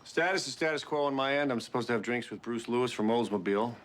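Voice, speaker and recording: A man's voice: medium pitch, fast talker, fairly bright tone, natural voice. An actor playing a breezy, offhand male ad executive in a TV drama scene, heard from the soundtrack. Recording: TV audio, faint noise, off-mic.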